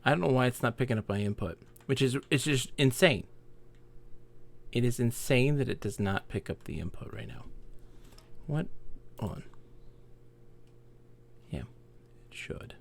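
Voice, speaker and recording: A man's voice: medium pitch, animated, a little slow, creaky, long pauses. A man live-streaming a game, chatting casually and muttering to himself in mild exasperation. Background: game music.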